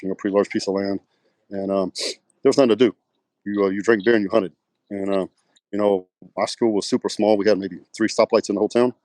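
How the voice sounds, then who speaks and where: A man's voice: lowish voice, dark tone, dry recording. A middle-aged man from West Texas with a Texan accent, telling rambling stories with lots of fillers in a casual interview. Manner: rambling anecdotes with many fillers, acts out quoted dialogue. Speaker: guest, pro bodybuilder.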